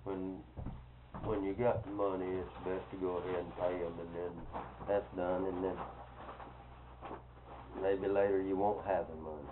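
Deep-voiced easygoing older man. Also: level tone. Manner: easygoing, unhurried. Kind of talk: casual chat. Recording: tinny phone-like recording with clear noise.

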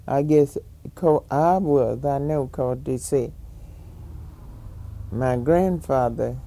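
An older woman reminisces in an oral history interview, her voice rumbling low and mellow as she takes her time. She rambles through her stories and chuckles often.

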